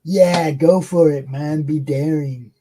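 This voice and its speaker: Low, mellow slacker dude voiced by a woman. Laid-back drawl, sarcastic. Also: fairly even intonation, takes it slowly, a little hiss or hum. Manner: laid-back, drawling, calls people bro and man. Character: lazy male slacker co-host living in the basement. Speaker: co-host. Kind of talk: comedy sketch show.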